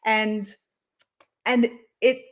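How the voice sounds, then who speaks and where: A woman's voice: fairly high pitch, steady tone, extremely slow, dull audio. A middle-aged woman from Canada hosting a casual chat, talkative and self-deprecating, laughing often. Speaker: host.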